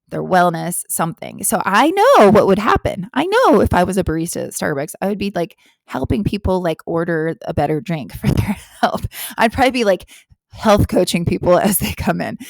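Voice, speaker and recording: A woman's voice: lowish voice, creaky, dry recording, studio quality. A middle-aged woman hosting a health-coaching podcast, talking earnestly and animatedly on her own. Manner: earnest, animated, acts out quoted voices. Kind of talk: casual solo podcast talk.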